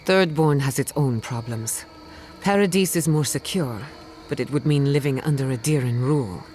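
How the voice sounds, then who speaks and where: An actor voicing a calm, measured adviser who speaks gravely in a video game. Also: medium pitch, a little hiss or hum, close to an everyday voice.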